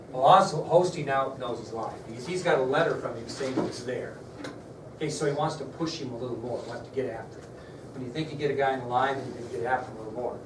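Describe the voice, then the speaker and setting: A man's voice: a little high, brisk. A man teaching a history lesson to a class, telling the story in a conversational way and putting questions to his students. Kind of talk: classroom lecture. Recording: echoey room, mic far off, faint background noise.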